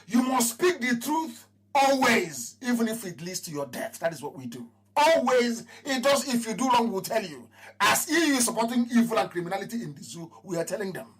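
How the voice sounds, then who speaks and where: A man with a Nigerian accent gives an impassioned live address to his followers. He repeats his phrases and swings between raised proclamations and low mutters. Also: slightly rough. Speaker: movement leader addressing followers.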